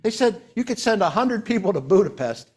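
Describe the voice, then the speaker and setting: Older male host, higher register, lively storyteller energy, casual company broadcast. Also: breathy edge. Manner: animated storyteller, quick bursts. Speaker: sales leader hosting a company broadcast. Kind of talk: casual company sales chat.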